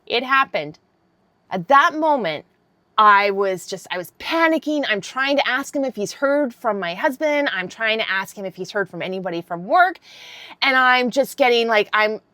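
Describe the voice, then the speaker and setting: A woman in her fifties telling a story to camera, animated and candid, swearing freely. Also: fairly high pitch, moderate pace, no echo. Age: 50s. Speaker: vlogger.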